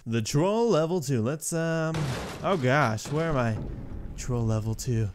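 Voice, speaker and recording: A young man giving casual, rambling gameplay commentary, excitable and breaking into yelps and shrieks when a level goes wrong. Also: mid-range voice, a little slow. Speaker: gaming YouTuber.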